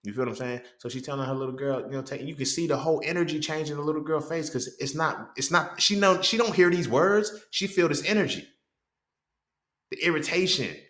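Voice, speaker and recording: A man's voice: on the high side, a little fast, a bit bright. A man hosting a casual monologue, blunt and profane, who keeps checking in with the listener. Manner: blunt and profane, keeps asking "you feel what I'm saying?". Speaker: host. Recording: roomy echo.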